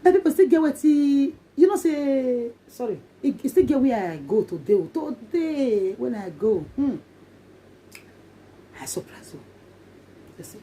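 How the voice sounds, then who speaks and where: A woman's voice: high-pitched, expressive, normal speed, hardly any pauses, dark tone, a little hiss or hum. A woman with a Nigerian accent talking casually to her viewers in a vlog, emphatic and repeating herself often. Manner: emphatic and repetitive, in Pidgin English. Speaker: vlogger.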